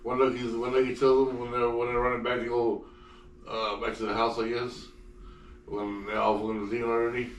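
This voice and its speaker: A man's voice: mid-range voice, little pitch movement, slight background noise. A man on a casual movie review podcast, swearing and restarting his sentences as he talks. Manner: halting, profane, restarts often. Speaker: podcast panelist. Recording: echoey room, mic at a distance.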